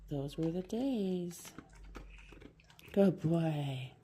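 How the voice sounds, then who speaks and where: A woman talking in a soothing, teasing sing-song to her pet dog, sometimes dropping to a soft near-whisper. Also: deep voice, expressive, very slow, a little hiss or hum. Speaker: dog owner.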